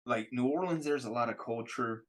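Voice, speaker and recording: A man's voice: medium pitch, normal speed. A young man from Louisiana with a Cajun accent, telling rambling stories in a casual podcast chat and laughing often. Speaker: podcast host.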